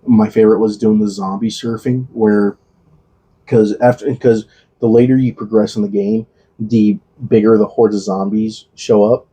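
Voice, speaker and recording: A man chatting casually on a podcast. His voice is husky and dark in tone, and he rambles loosely and swears often while ribbing his friend. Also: lowish voice, steady tone, normal speed. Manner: rambling, swears freely, teasing. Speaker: podcast co-host. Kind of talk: casual chat.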